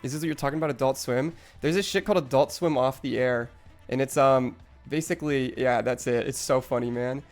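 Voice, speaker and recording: A man's voice: mid-range voice, a little fast, faint music behind. A young man streaming live, rambling in casual, profane chat with lots of restarts.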